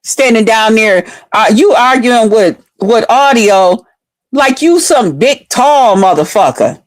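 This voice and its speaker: A woman's voice: fairly high pitch, animated, takes it slowly, dry recording. A woman on a live stream delivering a heated, profane, mocking rant.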